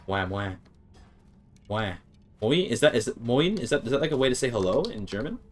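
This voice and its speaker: A man streaming gameplay in casual chatter, thinking aloud, sounding out words haltingly and swearing now and then. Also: medium pitch, very animated.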